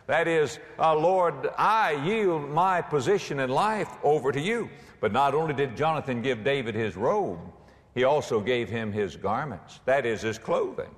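A man preaching a sermon in a dramatic way, building to shouted climaxes. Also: mid-range voice, long reverb tail.

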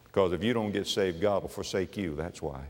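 A man preaching a sermon, swinging from loud declarations to hushed low phrases, with slow emphatic repetition. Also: big-room sound.

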